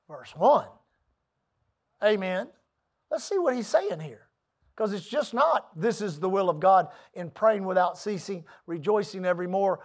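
A pastor preaching a sermon, emphatic, asking the congregation for an "Amen" and building from quiet asides to loud declarations. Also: mid-range voice.

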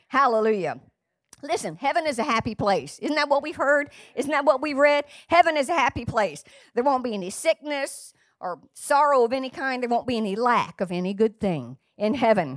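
An older woman preaching a sermon from the pulpit of a church, chatty and playful, with bursts of excitement. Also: medium pitch, no echo, studio quality. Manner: lively, chatty and playful, sings snatches of a song. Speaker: guest preacher. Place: church sanctuary.

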